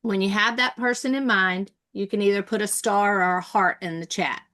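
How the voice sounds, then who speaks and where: A woman's voice: medium pitch, steady tone, moderate pace, sharp tone. A woman coach running an online workshop, asking the group to share and telling her own story in an encouraging way. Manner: encouraging, asks the group questions. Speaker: coach leading a workshop session.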